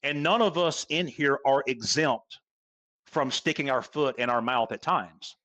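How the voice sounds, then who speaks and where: Male golf coach guest, forceful repeater, average pitch, dry mic. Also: a little slow, dry recording. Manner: emphatic, repeats points for stress. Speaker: golf instructor, podcast guest. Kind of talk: casual podcast interview.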